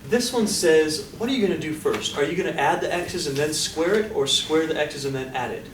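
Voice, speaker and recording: A man's voice: fairly high pitch, fairly quick. A man teaching a classroom lecture, upbeat, quizzing his students and coaxing answers out of them. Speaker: statistics lecturer. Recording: echoey room, distant mic, background noise.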